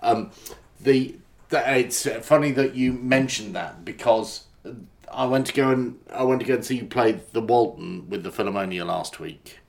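A man's voice: mid-range voice, moderate pace, vocal fry, darkish tone. A man interviewing a musician, talking in a hesitant, self-deprecating way and circling around his point. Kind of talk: conversational interview.

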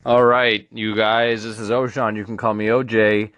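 A man's voice: lowish voice, little pitch movement, moderate pace, a bit bright, dry recording, highs cut off. A man in his twenties hosting his own podcast, talking in a playful, rambling and earnest way. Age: 20s. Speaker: podcast host. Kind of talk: casual solo podcast monologue.

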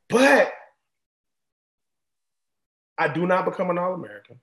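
Animated high-voiced man telling stories. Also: a little slow, long pauses, reverberant. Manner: animated, repeats and restarts phrases. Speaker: former college football player, guest. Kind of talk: casual storytelling.

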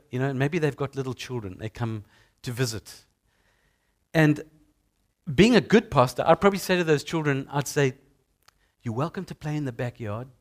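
A middle-aged man, preaching a sermon as a pastor in an animated storytelling way. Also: on the high side. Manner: storytelling, animated with acted-out sounds.

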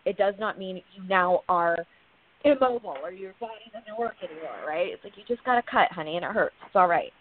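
A woman's voice: mid-range voice, fairly quick, a little hiss or hum. A woman speaking frankly and with energy in a podcast conversation, swearing casually. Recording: dry, thin phone-like sound.

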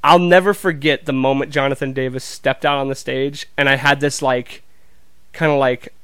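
A man's voice: medium pitch, fairly even intonation, moderate pace, fairly bright tone, smooth, no echo. A man in casual chat, rambling with many fillers and sounding enthusiastic.

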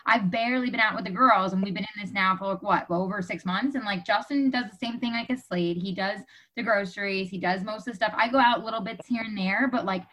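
A woman's voice: mid-range voice, fast, hardly any pauses, pushed and bright, rough recording. A woman, a mother of young girls, chatting casually and sympathizing, with many fillers. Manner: sympathetic, filler-heavy talk. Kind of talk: casual chat.

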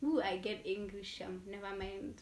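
A young woman chatting casually as a podcast guest, open and expressive, often restarting her sentences. Her voice sits at a middle pitch. It is recorded in an echoey room, some way off the mic. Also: normal speed, recorded from a distance. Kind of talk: casual chat.

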